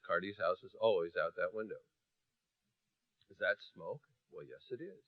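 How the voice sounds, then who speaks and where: With a mid-range voice captured in lo-fi sound with no echo, a man preaches with humor. He animates a story by performing its people's voices, swinging between quiet and loud.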